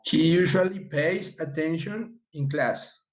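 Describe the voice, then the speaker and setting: A man's voice: fairly high pitch, slow. Polite male student in an echoey room.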